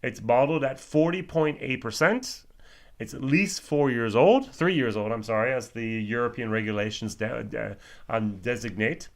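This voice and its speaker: American male host, mid-pitched voice, loose conversational whisky review that wanders off topic. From United States. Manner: chatty and digressive, spells words out letter by letter. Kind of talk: casual spoken review.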